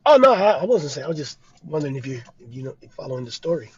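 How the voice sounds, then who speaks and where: A man co-hosting a podcast in casual chat, halting and repeating himself as he talks. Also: a little high, big pitch swings, a little mellow, breathy edge, dull audio. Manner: halting, repeats words while talking. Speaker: podcast co-host.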